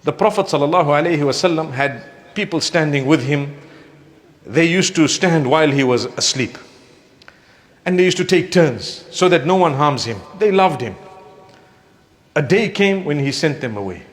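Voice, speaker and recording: A man with a fairly high voice preaches in a relaxed, conversational way. He gives gentle advice and brings his stories to life by acting out the people in them. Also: normal speed, pauses often. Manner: animated, acts out quoted speakers; recites scripture in melodic chant. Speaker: Islamic preacher. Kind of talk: conversational sermon.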